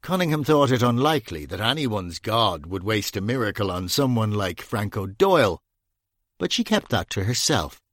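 Male audiobook narrator, dry and measured. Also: lowish voice, no room sound. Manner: even, measured storytelling. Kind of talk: scripted narration.

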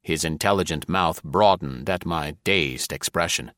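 A man narrating a first-person novel in an audiobook, with an even, measured, dry delivery. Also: very deep voice, no echo.

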